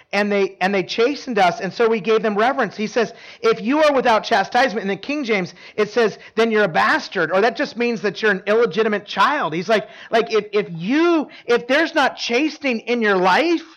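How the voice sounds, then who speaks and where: A middle-aged pastor preaches conversationally in a high, slightly bright voice, often repeating words and putting questions to the room. The sound is lo-fi.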